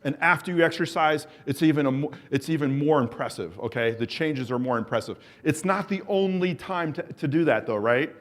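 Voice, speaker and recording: A man with a notably high voice leads a live exercise workshop. He coaxes and cheers the group and calls out timed cues and countdowns. His talk is eager and encouraging throughout. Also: expressive, fairly quick, few pauses. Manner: enthusiastic, encouraging, coaxes the audience. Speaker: exercise coach presenting at a symposium. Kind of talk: live workshop presentation leading an exercise drill.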